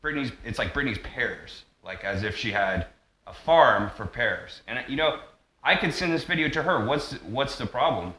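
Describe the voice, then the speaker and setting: A man's voice: medium pitch, animated, normal speed, bright, forceful tone, a little hiss or hum. Rambling man vlogging in an echoey room. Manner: tangent-heavy, full of fillers and restarts. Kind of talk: rambling monologue vlog.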